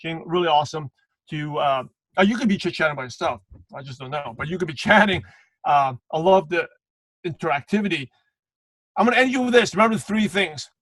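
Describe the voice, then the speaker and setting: A man's voice: on the high side, fairly quick, fairly bright tone, no echo, poor audio. A man giving a motivational sales training on a live video call, calling out viewers by name and repeating punchy slogans. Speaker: guest trainer.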